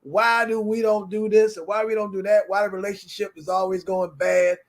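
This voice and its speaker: A man co-hosting a talk show, cheering on and agreeing with the host. His voice sits very high for a man. He answers playfully, like a hype man. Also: flat delivery, fairly quick. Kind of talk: casual talk show chat.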